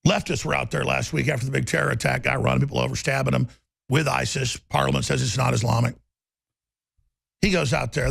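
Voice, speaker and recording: A male talk show host delivering a loud, rambling monologue with a gravelly voice, bursting into shouting. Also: medium pitch, no room sound. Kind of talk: ranting monologue.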